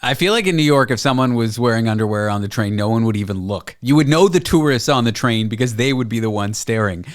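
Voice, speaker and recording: A man's voice: medium pitch, quick pace, hardly any pauses. A man hosting a talk show, telling stories in a playful, chatty way. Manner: playful, storytelling, quotes people in put-on voices. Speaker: host. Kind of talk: casual chat.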